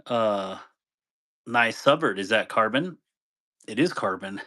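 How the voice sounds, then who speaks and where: A man's voice: on the low side, expressive, takes it slowly, bright, forceful tone. Chatty man hosting a live stream. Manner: chatty, greets viewers by name, laughs easily. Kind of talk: casual live stream chat.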